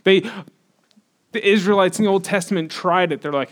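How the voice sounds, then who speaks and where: A man preaching a sermon in a conversational style, with frequent restarts, building to loud emphatic stretches. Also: fairly high pitch, expressive, normal speed, long pauses. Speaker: pastor.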